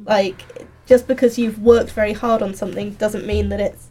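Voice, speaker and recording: A woman's voice: medium pitch, fairly even intonation, moderate pace, warm tone. A woman doing a PhD in history, talking thoughtfully in a casual group chat and laughing easily.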